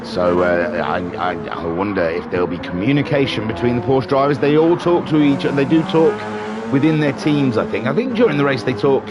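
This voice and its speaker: A man's voice: medium pitch, fairly quick, background noise. A man doing live commentary for a sim racing league stream, chatty and rambling, with self-deprecating asides. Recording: music playing behind voice. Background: music.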